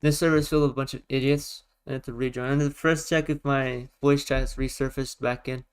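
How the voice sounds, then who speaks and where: A man talking casually on a live stream while gaming, in a loud, projecting voice, often repeating himself for emphasis. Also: mid-range voice, little pitch movement, fast, clean tone, rough recording.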